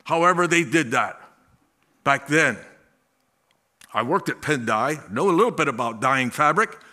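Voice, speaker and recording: A male pastor preaching a sermon, slow and drawn out, with emphatic swells and folksy asides. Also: a little high, animated, sharp tone.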